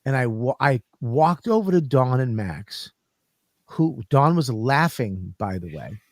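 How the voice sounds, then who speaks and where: A man co-hosting a podcast, telling profane, animated stories in casual comedic chat. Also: mid-range voice, measured pace, dry recording, studio quality. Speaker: podcast co-host.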